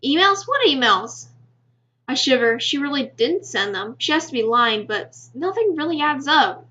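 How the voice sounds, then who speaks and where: High, bright woman reading a game aloud. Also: normal speed, husky. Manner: steady first-person narration with small stumbles. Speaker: game reader. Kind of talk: reading a visual novel aloud. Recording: slightly muffled with faint music.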